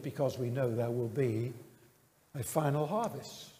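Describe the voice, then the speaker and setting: A man preaching a sermon in an earnest, measured way, with pauses and fillers. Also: mid-range voice, dark tone, big-room sound.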